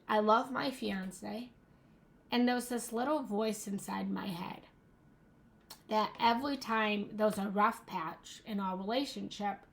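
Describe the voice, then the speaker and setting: A young adult woman giving a motivational talk as a relationship coach, earnest and emphatic, repeating key phrases. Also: on the high side.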